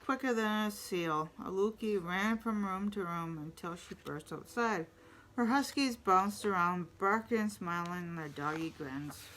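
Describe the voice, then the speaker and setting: A woman reading a picture book aloud in a steady storytelling voice. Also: mid-range voice, unhurried, a little hiss or hum, rough recording.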